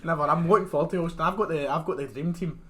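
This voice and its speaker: A man's voice: fairly high pitch, very fast, a loud crowd. A young man with a Scottish accent hosting a football podcast, joking and laughing often in casual banter. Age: young adult. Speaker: podcast host.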